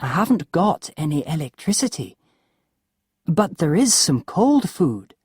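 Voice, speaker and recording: A woman voicing a polite, apologetic male castle owner in a slow storybook reading. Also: sits low, very animated, darkish tone, husky, dry recording, clean studio sound, pitched above the performer's own voice, exaggerated voice.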